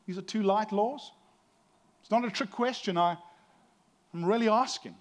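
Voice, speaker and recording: A man's voice: high-pitched, moderate pace. A middle-aged man, a pastor, giving a conversational sermon with frequent restarts and a self-deprecating humor.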